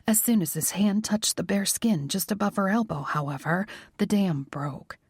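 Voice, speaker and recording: A woman narrating a romance audiobook in a soft, measured reading. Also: mid-range voice, creaky, breathy edge, dry recording, studio quality. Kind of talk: scripted narration.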